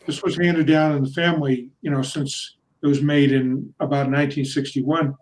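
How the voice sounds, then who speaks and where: Man telling a relaxed anecdote. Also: a little high, moderate pace, low-quality recording. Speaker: writer.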